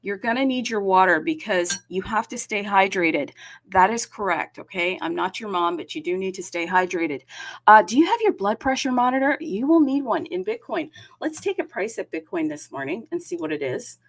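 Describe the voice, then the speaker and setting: A woman's voice: on the low side, lively intonation. A woman hosting a casual livestream, chatty and upbeat, greeting viewers city by city and talking to the audience with frequent fillers. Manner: frequent fillers, self-aware about talking fast. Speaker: livestream host. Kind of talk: casual crypto livestream chat.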